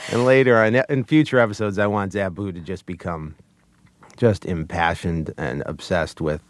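A man being interviewed as a puppeteer, talking casually, halting and chuckling as he tells stories. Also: sits low, steady tone, dry recording. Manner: hesitant, full of restarts and chuckles. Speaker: puppeteer guest.

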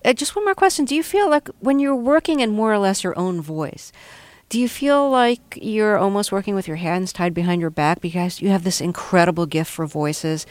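An interviewer who asks curious, plain questions. The voice sits at a middle pitch. The sound is dry and close, with no room around it. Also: animated, normal speed, dry recording. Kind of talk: radio interview.

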